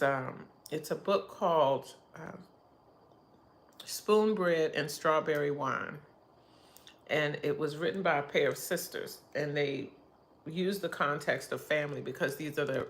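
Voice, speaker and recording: Gravelly chatty middle-aged woman. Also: low-pitched. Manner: chatty, rambling, laughs often. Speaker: livestream host. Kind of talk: casual livestream chat.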